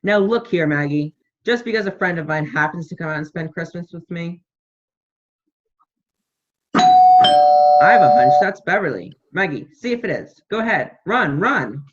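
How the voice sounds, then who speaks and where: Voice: medium pitch, animated, moderate pace, a bit bright. A student actor playing an irritable, bossy invalid host in a school play over a video call, imperious and snappish. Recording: dull lo-fi video call audio.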